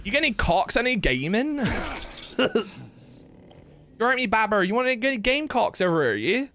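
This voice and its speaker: A man's voice: sits high, sing-song, normal speed, pushed and bright, voice pushed up, heavily acted. A man voicing a jovial rustic farmer with a put-on West Country accent, folksy and teasing. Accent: West Country English. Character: jovial rustic male farmer selling gamecocks.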